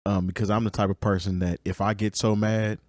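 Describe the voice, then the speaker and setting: A man co-hosting a podcast in a relaxed, joking way. His voice sits a little low. The recording is dry with no room sound. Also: a little fast, dry recording. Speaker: podcast co-host. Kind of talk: casual chat.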